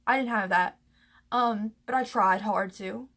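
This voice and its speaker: A young woman from the American South telling a personal story to camera, emotional and halting, close to tears, with many fillers and restarts. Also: medium pitch, a bit bright. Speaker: vlogger.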